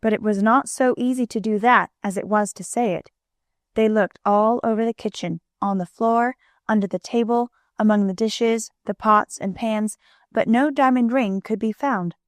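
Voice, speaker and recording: A woman's voice: on the high side, moderate pace, no echo. Woman narrating a children's storybook, dry. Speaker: audiobook narrator.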